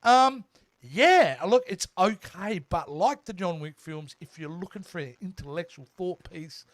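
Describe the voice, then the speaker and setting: A man's voice: sits high, animated, a little slow. A man co-hosting a TV review podcast, chatting casually and with enthusiasm, often restarting his sentences. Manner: enthusiastic, frequent restarts and fillers. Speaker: podcast co-host.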